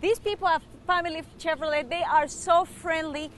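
Woman, Spanish accent, high voice, bubbly sales pitch, mixes Spanish into English. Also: steady tone, normal speed, a bit bright, slight background noise. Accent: Spanish-speaking, mixes in Spanish. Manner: bubbly, upbeat, switches between English and Spanish. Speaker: co-host of a car dealership ad. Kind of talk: live car sales pitch.

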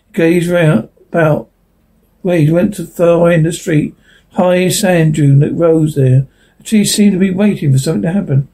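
A man's voice: on the high side, moderate pace, warm tone, slightly rough, poor audio. A man reading a science fiction story aloud, stumbling and restarting now and then. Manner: unpolished reading with slips and restarts. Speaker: narrator.

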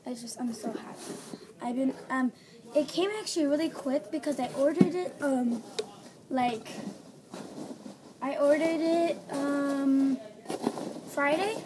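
A female vlogger unboxing at home, gushing and gasping with breathless excitement. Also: high voice, slow pace, pauses often. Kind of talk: excited doll unboxing vlog. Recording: home recording with background noise.

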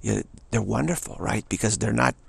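A man giving a rambling spiritual talk, digressive and halting, restarting his sentences often. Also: on the low side, vocal fry, breathy edge, no echo. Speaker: spiritual teacher. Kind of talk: rambling spoken monologue.

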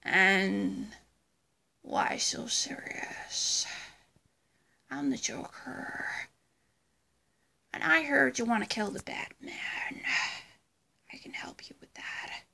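A chaotic, grinning male villain, put on by a woman hisses his lines in a hoarse, breathy whisper. The words come slow and drawn out. Under the whisper sits a bright, tense tone. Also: mid-range voice, very animated, exaggerated voice. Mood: menacing whisper.

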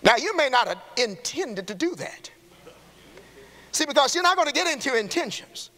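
A man preaches a sermon in a church sanctuary. His voice sits very high and sounds bright and forceful. A long hall reverb trails every phrase, and he calls out to the congregation and rises to shouts. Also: very animated, normal speed. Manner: call-and-response preaching, rising to shouts.

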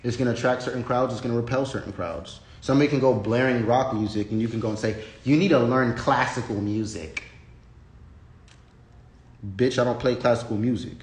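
A man's voice: medium pitch, fairly even intonation, quick pace, few pauses, darkish tone. Blunt, profane man ranting on a stream. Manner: blunt, profane, rambling with restarts. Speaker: livestream host. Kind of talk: casual unscripted livestream rant. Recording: roomy echo.

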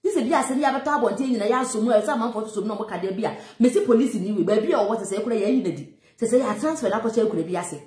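A woman's voice: a little high, racing, darkish tone, reverberant. A Ghanaian woman giving emphatic, mocking commentary on a viral clip, mixing Twi and English. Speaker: social commentator.

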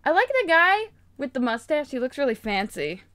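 A young woman chatting casually as she unboxes toys, bubbly and excitable, gushing and gasping often. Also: sits high, moderate pace. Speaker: toy unboxing vlogger.

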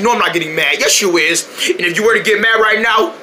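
High, shrill man voicing cartoon characters. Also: quick pace, hardly any pauses, a little hiss or hum. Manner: switching between exaggerated character voices, yelping and shouting. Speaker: cartoon voice actor. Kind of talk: homemade cartoon voice acting.

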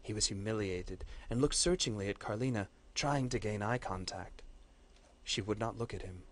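A man, a course instructor, reading a fantasy story aloud in a measured, dramatic way. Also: fairly low pitch.

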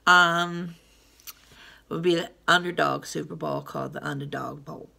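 A woman's voice: lowish voice, unhurried, creaky, long pauses, sharp tone, breathy edge. A woman from Gloucester, Massachusetts, with a Gloucester accent, chatting her opinions to the camera in a rambling way and laughing often between phrases. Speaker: vlogger. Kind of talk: casual opinion vlog.

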